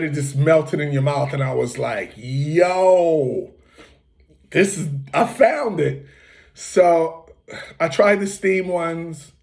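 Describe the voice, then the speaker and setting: Rambling American man telling a story. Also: a little high. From United States. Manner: relaxed, rambling, many fillers and restarts. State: occasional coughing. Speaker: host. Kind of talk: casual storytelling.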